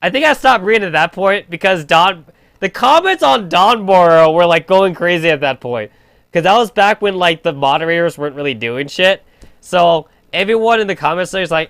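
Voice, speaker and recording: A man's voice: sits high, sing-song, moderate pace, a bit bright, dry recording. A young man streaming a game, rambling in crude casual chat full of filler "like". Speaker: gaming streamer.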